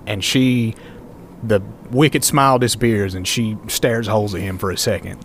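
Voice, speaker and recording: A man narrating a tabletop game as game master in relaxed, descriptive speech. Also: on the low side, moderate pace, a little hiss or hum.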